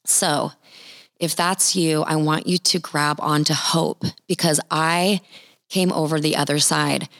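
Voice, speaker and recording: A woman's voice: sits low, fairly even intonation, a little slow, fairly bright tone, no echo, clean studio sound. A middle-aged woman sharing a Christian testimony in an earnest, heartfelt storytelling manner. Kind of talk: personal testimony talk.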